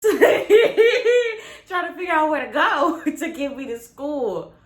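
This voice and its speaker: A young woman vlogger telling a casual, animated story with lots of slang. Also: sits high, takes it slowly. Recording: roomy with faint ambience.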